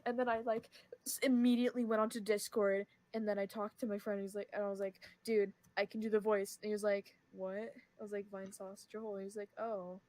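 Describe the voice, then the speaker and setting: A woman's voice: medium pitch, level tone, fast, a little mellow. A teenage girl talks loosely on a podcast and giggles often. Her stories ramble from one aside to the next. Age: teens. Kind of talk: casual chat.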